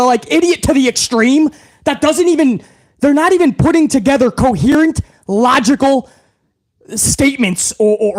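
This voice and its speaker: A man hosting a wrestling show, ranting to his chat in a heated, mocking way and swearing constantly. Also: very high-pitched. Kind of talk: profane rant to a live chat.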